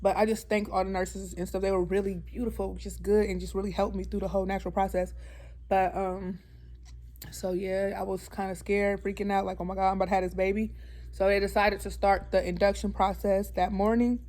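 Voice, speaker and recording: A woman's voice: mid-range voice, little pitch movement, a little fast, mellow. Woman, vlogger, casual storytime, earnest, talkative, preachy repetition. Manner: earnest and talkative, often calls the viewers "y'all"; slips into preaching with emphatic repetition. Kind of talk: casual storytime chat to camera.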